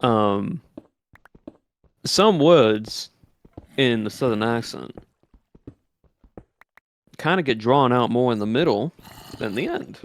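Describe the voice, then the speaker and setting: A male streamer chatting loosely on stream, full of fillers, now and then stretching words into a lazy put-on Southern drawl. His desk mic squeezes the sound flat, so he comes across fairly monotone. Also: mid-range voice, slow, long pauses. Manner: rambling, many fillers, explains things loosely. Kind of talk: casual stream chat. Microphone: desk microphone with built-in compression.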